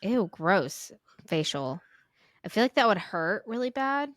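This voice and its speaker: A woman's voice: mid-range voice, a little slow, no echo, clean studio sound. A woman in her thirties co-hosting a podcast, telling a story in casual chat, full of "like" and "um", livening up when quoting people. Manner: chatty, filler-heavy, animated when quoting. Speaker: podcast co-host.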